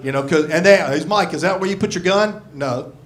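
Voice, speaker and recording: This is a man in his sixties doing grouchy, foul-mouthed stand-up on a club stage with a handheld mic. His pitch is high and his pace a little fast, and the audience can be heard laughing throughout the live recording.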